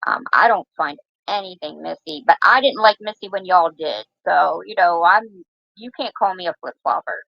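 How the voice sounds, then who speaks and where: A gravelly woman with a fairly low voice hosts a casual livestream chat, teasing and talking straight to her viewers. The audio is dry and dull, like lo-fi stream sound. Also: moderate pace, no room sound. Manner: chatty and teasing, talks to chat. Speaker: livestream host.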